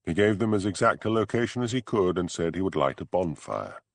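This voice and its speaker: A man reading an audiobook narration in a measured, expressive storytelling manner. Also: low voice, gravelly, no echo. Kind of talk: scripted narration.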